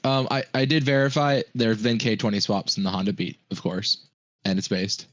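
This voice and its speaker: Man, casual podcast banter, excitable, laughs easily, argues back, dry close sound. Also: lowish voice, brisk, no room sound.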